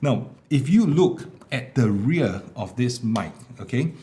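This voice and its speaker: A man's voice: medium pitch, takes it slowly. A man, casually demoing a small wireless mic at home, explaining with lots of fillers. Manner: relaxed explaining with many fillers. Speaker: tech reviewer. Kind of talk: product demo vlog. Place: home room with air conditioner. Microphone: small wireless clip mic.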